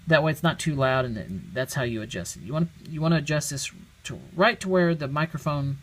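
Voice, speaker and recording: A man's voice: a little high, brisk, a bit bright. A man giving a casual how-to demonstration, explaining each step plainly and thinking aloud. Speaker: product demonstrator. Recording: very noisy home recording.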